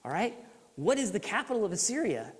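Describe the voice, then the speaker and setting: A man's voice: high-pitched, very animated, a little fast, breathy edge, voice pushed up, full character voice. A man doing a stern bridge troll. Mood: quizzing. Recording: echoey church hall reverb.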